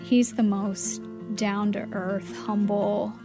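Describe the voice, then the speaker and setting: A woman's voice: medium pitch, drawn-out words, over music. A woman guest in an interview, telling a story with energy, acting out the lines of the people in it and laughing often. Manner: lively storyteller who acts out dialogue and laughs often. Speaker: charity fundraiser guest.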